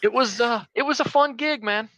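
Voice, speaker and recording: A man's voice: very high-pitched, normal speed, bright, forceful tone, no room sound. A man from Philadelphia, a guest on a podcast, talking in a blunt, rambling way with many restarts. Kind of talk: casual podcast chat.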